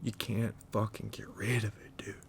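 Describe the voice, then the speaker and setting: A man's voice: fairly low pitch, little pitch movement, moderate pace, gravelly, in a whisper. A man hosting a podcast, musing in a profane, stream-of-consciousness comedic monologue full of restarts and stumbles. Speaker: podcast host.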